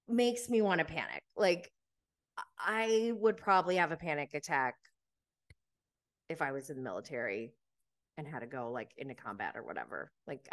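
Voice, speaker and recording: Animated chatty woman podcast host. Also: on the low side. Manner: chatty, animated, laughs often, lots of fillers. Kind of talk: casual chat recapping reality TV.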